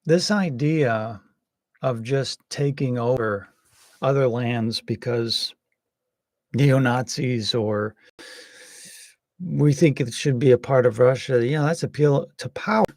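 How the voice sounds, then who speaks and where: A man giving casual, rambling political commentary, hesitant with many pauses and some wry jokes. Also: medium pitch, darkish tone, dry recording, clean studio sound. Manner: wry and joking.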